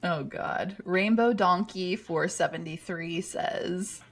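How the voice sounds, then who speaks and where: A woman's voice: fairly low pitch, takes it slowly. A woman co-hosting a podcast, chatting casually and reading listener comments aloud, amused and laughing often. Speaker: podcast co-host.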